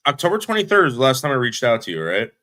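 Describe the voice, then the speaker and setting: A man's voice: mid-range voice, huge pitch swings, rapid-fire, bright, forceful tone, dry recording, clean studio sound. A man streaming live who insistently tries to cut in and make his point in a heated argument. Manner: insistent, keeps trying to cut in. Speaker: livestreamer.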